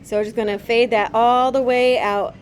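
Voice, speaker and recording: Gentle woman teaching painting. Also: fairly high pitch, steady tone, moderate pace. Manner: gentle, chatty instruction. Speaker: art teacher. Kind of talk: painting demonstration.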